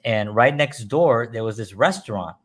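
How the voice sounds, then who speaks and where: A man tells old neighborhood stories in a casual chat. His voice sits at an ordinary middle pitch. He talks animatedly and chuckles through his stories. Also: normal speed. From New York. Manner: animated storyteller, chuckles while talking, puts on voices in quotes.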